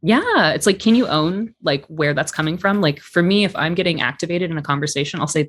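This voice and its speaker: A man's voice: fairly high pitch, animated, fairly quick, few pauses, a bit bright. A man guest on a podcast, speaking candidly and reflectively in casual conversation, with some swearing. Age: adult parent.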